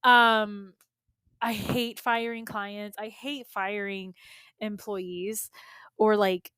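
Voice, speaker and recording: A woman's voice: medium pitch, extremely slow, clear, resonant tone, no echo. Chatty woman podcaster telling a story. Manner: animated, chatty, frequent fillers and asides. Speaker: podcast host and beauty business coach. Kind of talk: casual personal storytelling.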